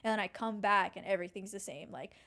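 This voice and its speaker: A young woman co-hosting a podcast in a casual, animated chat, full of filler words. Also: medium pitch, fast talker. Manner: animated, chatty, heavy use of filler "like". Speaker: podcast co-host.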